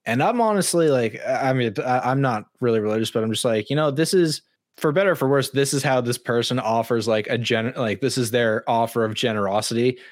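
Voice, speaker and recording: A man's voice: medium pitch, brisk, no room sound, studio quality. A young man co-hosting a casual podcast, telling stories with lots of fillers and restarts. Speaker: podcast co-host. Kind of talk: casual chat.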